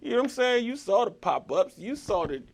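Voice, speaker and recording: A man hosting a casual talk show, speaking loosely in slang and getting animated. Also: high-pitched, brisk, creaky. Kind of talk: casual chat.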